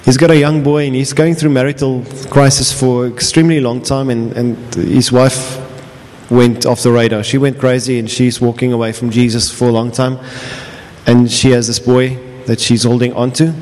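Pastor preaching in a reverberant hall. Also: male voice, mid-range voice, flat delivery, normal speed, a little mellow. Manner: earnest, repeats himself, restarts phrases. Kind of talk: sermon. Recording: long reverb of a large hall.

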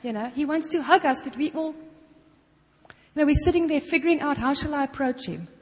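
A middle-aged woman delivers a sermon as if chatting with friends, sprinkling "you know" through her sentences and acting out short prayers. Her voice sits a little higher than most women's. A long hall reverb trails behind every phrase. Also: lively intonation, normal speed. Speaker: guest preacher.

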